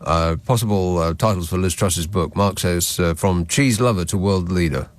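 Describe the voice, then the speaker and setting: A man's voice: low-pitched, moderate pace. A man hosting a radio phone-in who reads out the lines and the number and makes dry, wry remarks to his callers. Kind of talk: talk radio. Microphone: studio mic.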